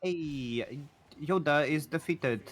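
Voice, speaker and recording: A man chatting casually while gaming, joking and halting with fillers. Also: fairly high pitch, a bit bright. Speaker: fellow player.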